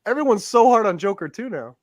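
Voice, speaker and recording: Animated, high-voiced male panelist. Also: quick pace. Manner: animated, emphatic opinions. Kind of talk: casual group chat.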